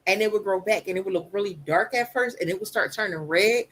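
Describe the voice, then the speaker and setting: Soft-voiced woman, podcast guest, candid and personal, slips into quoted voices. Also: medium pitch, quick pace, poor audio. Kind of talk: casual podcast conversation.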